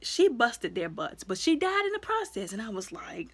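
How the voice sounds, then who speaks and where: A woman's voice: on the high side, very animated, moderate pace, breathy edge. A woman giving a casual, chatty movie review, acting out the characters' lines as she retells the story.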